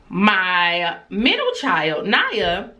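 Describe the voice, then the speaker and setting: A woman's voice: medium pitch, very slow. A woman in her thirties telling a family story in a casual, chatty vlog style, talking straight to her viewers. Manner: chatty and animated, addresses viewers as y'all; acts out quoted dialogue, dropping to a whisper for her child.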